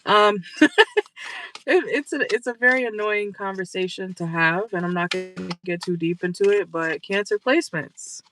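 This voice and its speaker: A woman's voice: medium pitch, moderate pace, fairly bright tone, soft background music, low-quality recording. Blunt, stuffy-nosed woman tarot reader. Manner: blunt, scolding, profane, chatty. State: stuffy nose. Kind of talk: casual direct-to-camera reading. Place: in a car. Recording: noticeable background noise.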